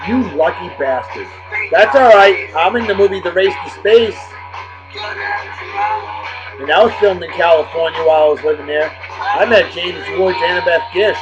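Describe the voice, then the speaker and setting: A high-pitched man gives boisterous, joking shout-outs to his viewers, jumping from loud bursts to mumbled asides. The recording is dull and lo-fi, with clear music playing underneath. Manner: boisterous and jokey, swinging between loud bursts and low asides. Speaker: host of a daily beer and music video show.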